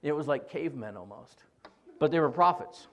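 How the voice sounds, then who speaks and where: A male pastor preaching a sermon, retelling scripture in an animated, joking way. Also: fairly high pitch, normal speed, dull audio.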